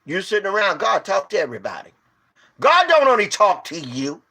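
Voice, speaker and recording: A man's voice: huge pitch swings, a little fast. A man telling a story and preaching informally. He talks emphatically, repeats his rhetorical questions, and stumbles over restarts. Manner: storytelling, swinging from low to loud.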